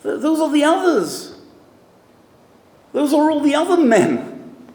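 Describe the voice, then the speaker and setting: At an event, a rabbi gives an emphatic, story-driven talk in a sermon style. His voice is extremely high with huge pitch swings, a slow pace, and a darkish tone, and the event hall echoes with long reverb.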